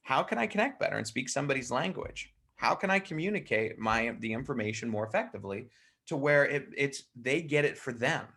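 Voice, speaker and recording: A man leading a live network marketing training, talking in a lively way and slipping into quick put-on voices to act out personality types. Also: medium pitch, gravelly. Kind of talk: live team training talk.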